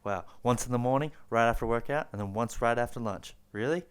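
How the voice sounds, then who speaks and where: A man voicing a cocky, smooth-talking stockbroker mentor in a slow, self-assured way. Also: mid-range voice, pitched below the performer's own voice, close to an everyday voice.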